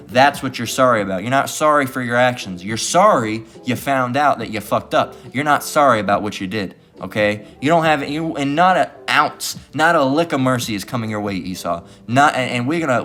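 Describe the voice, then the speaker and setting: A man's voice: medium pitch, animated, fairly quick, hardly any pauses, a bit bright. A man preaching scripture in a combative, profane tone, repeatedly asking "all right?" and "guess what". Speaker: street-style preacher.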